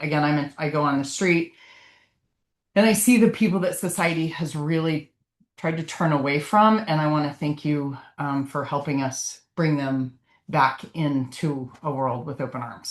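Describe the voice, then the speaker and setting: A woman, a physician, giving a casual continuing-education lecture in an earnest, heartfelt way. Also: deep voice. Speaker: physician presenter. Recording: echoey room.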